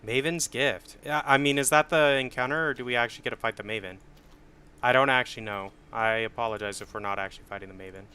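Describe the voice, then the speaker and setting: A young man casually explaining his game build on a livestream, swearing and getting excited once the fights start. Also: mid-range voice, fast talker, clean tone. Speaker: streamer. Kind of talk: casual gameplay commentary.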